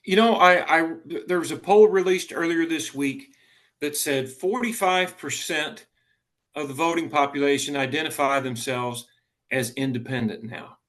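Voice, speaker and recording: A man, a political candidate talking earnestly in a casual interview, often halting and restarting. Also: fairly high pitch, a bit bright.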